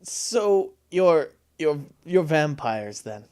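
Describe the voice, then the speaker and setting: A man taking part in a tabletop game, talking casually and eagerly about his next move. His voice sits a little higher than average. He comes across as laid-back and keen. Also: very animated, extremely slow, darkish tone, smooth. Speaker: player.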